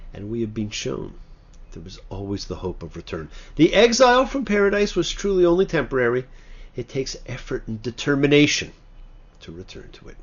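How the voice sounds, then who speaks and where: A man's voice: on the high side, creaky, slightly rough, muffled recording. A man, a rabbi, giving a sermon-style talk on his show, reading scripture with dramatic, emphatic swings.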